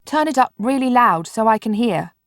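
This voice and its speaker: In a storybook reading, a woman voices a cheerful, determined young boy with a curious mood. Her delivery is fairly high, pitched above her own voice, and expressive at a normal speed, captured in clean studio sound with no echo.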